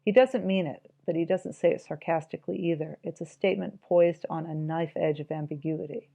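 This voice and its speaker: A woman's voice: low-pitched, brisk, gravelly, mellow. A woman giving an informal, reflective spoken commentary on a book, musing aloud and reading passages from it.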